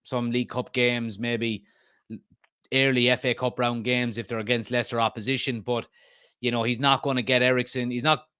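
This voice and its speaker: A man's voice: medium pitch, little pitch movement, moderate pace, sharp tone, clean tone, no room sound, studio quality. A man, hosting a football fan live stream, reading comments aloud and rambling casually with many fillers. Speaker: host of a football fan channel.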